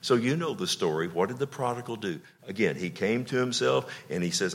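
A middle-aged male pastor preaching a sermon with emotion, swinging from loud declarations to hushed, tender lines. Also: fairly low pitch, lively intonation, fairly quick, gravelly, few pauses.

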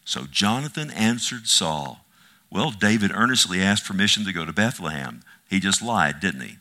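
Bright-voiced preacher teaching from scripture. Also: male voice, sits low, sing-song. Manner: reads scripture slowly, then asks the listeners pointed questions. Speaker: pastor teaching a Bible study. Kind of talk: expository Bible teaching with reading aloud.

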